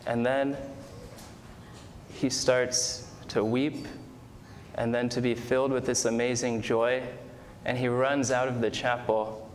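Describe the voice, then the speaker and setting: A man preaching a sermon in a church, recounting a story in an earnest, storytelling manner. His voice sits at an ordinary middle pitch. A long reverb trails off his words, and faint ambient noise sits behind them. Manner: earnest storytelling, retelling a scene with quoted speech. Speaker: pastor.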